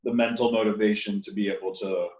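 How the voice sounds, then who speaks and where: A man's voice: fairly low pitch, level tone, fast talker, a little mellow. A young man co-hosting a casual podcast, cutting in with teasing jokes. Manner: teasing, jokey interjections. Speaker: podcast co-host. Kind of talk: casual chat. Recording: echoey room, mic at a distance.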